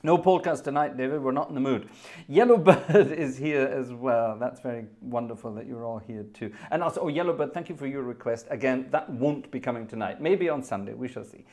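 A man's voice: medium pitch, a little fast, a little mellow. A man hosting a live music stream, who greets viewers in a playful, jokey and chatty way. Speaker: livestream host and organist. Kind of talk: casual livestream chat greeting viewers.

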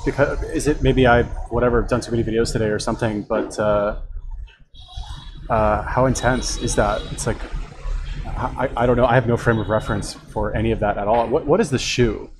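Dude rambling thru a reaction vid, hesitant, noisy background. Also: male voice, mid-range voice, steady tone, fairly quick. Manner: rambling, hesitant, lots of fillers and restarts. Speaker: video commentator. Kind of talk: reaction commentary.

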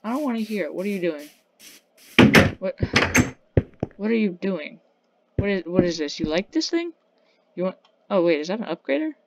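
A woman's voice: medium pitch, lively intonation, moderate pace, long pauses. A woman giving casual gameplay commentary, playfully trash-talking the characters in her game. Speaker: gaming channel host. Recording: loud background noise.

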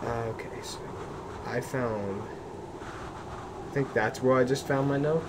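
A man commenting nervously as he plays a game, sliding between quiet muttering and sudden exclamations. His voice sits in an ordinary middle pitch. A steady air-conditioner hum stays clearly audible behind him. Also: slow pace. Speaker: let's play gamer. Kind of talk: gaming commentary.

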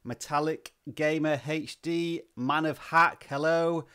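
A man hosting a live stream, greeting viewers by name and talking at a slow, relaxed, deliberate pace with plenty of "uh" fillers, into a desk microphone. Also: on the high side, clean tone. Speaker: livestream host. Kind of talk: live-stream chat, reading out viewer names.

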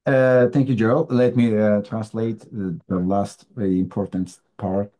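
A podcast host with an Armenian accent who interprets for his guest, speaking haltingly with many fillers and restarts. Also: lowish voice, fairly even intonation, warm tone. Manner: halting, many fillers, slips between words.

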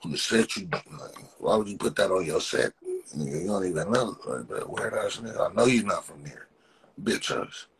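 A man's voice: sits low, lively intonation, moderate pace, breathy edge. A man hosting a casual livestream, ranting and mocking viewers in profane street slang, repeating himself. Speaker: livestream host.

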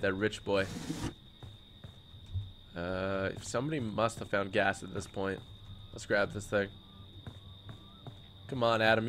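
A young man streaming a game, chatting casually and excitably, joking and repeating words in bursts. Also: on the low side, slight background noise. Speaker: gaming streamer. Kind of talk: casual live-stream commentary.

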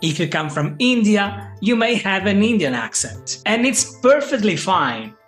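A man's voice: sits high, big pitch swings, unhurried, a bit bright, faint music behind. A man in his thirties with an Italian accent, giving an upbeat, scripted English lesson straight to the viewer. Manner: upbeat, direct, encouraging. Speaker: English teacher.

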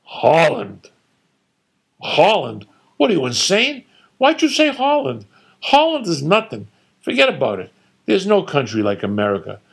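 A man's voice: on the low side, big pitch swings, a little fast, creaky, exaggerated voice. A man voicing a blustering, combative older father who rants emphatically and scornfully, in a story he reads aloud. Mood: ranting. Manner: loud, emphatic, scornful ranting. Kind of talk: storytelling reading with character voices.

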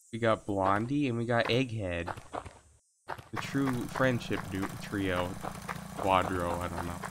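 A man's voice: on the low side, noisy background. A young man giving joking, rambling let's play commentary into a desk mic. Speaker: gaming commentator. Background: game music.

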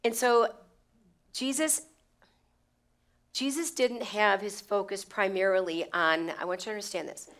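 A woman's voice: mid-range voice, a little slow, pauses often, a bit bright. A woman teaching a Bible lesson in a conversational way, repeating phrases for emphasis and checking in with her listeners. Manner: conversational, with stumbles and restarts.

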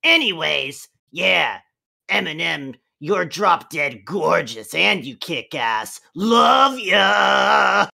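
A woman co-hosting a comedy podcast, reading and mocking forum posts in a sarcastic, deadpan way. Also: on the low side, drawn-out words, vocal fry. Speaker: podcast co-host.

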